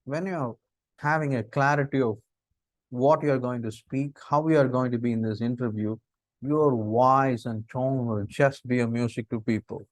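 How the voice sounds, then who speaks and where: Indian man giving an animated lecture. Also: mid-range voice, normal speed, no echo. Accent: Indian English. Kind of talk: lecture on interview body language.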